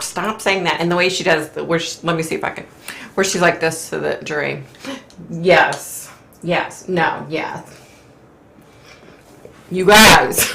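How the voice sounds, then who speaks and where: A woman hosting a casual live-stream chat, chatty and opinionated, clearing her throat often as her voice wears out. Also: on the low side, pushed and bright, reverberant, slight background noise. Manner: chatty, opinionated, frequent fillers. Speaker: host.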